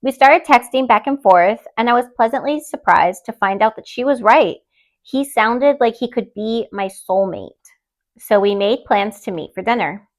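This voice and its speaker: Bright-voiced young woman podcast host. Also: on the high side, moderate pace. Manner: expressive, chatty, openly emotional. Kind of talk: reading listener stories and casual chat.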